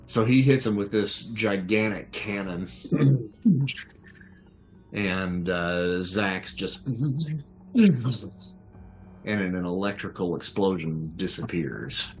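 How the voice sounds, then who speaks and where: A man runs a tabletop game in a very deep voice, narrating at an unhurried pace. He is relaxed and laughs easily, with faint music playing softly behind him. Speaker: game master.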